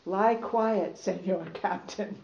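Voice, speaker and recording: A calm, reassuring ghostly pilot from an old crew, as a woman reads him aloud. He talks slowly and steadily. The sound is roomy and a little dull. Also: sits high, gravelly, a little hiss or hum, exaggerated voice. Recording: roomy, slightly dull recording.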